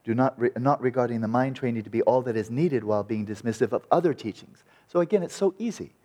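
A man teaching Buddhist meditation in a dharma talk, lively and wry, with a sarcastic edge and frequent restarts. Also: medium pitch, quick pace.

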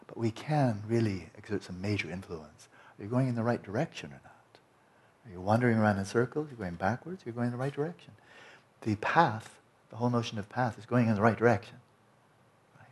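A man teaching a meditation retreat in a relaxed, conversational way, often checking in with his listeners. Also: lowish voice. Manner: conversational, frequent "you know" and "right?".

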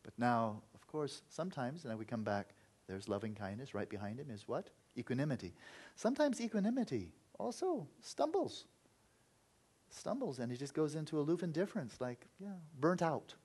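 A man's voice: medium pitch, big pitch swings, normal speed, a little mellow, husky. A man teaching meditation in an earnest, reflective Buddhist talk, sometimes acting out inner voices.

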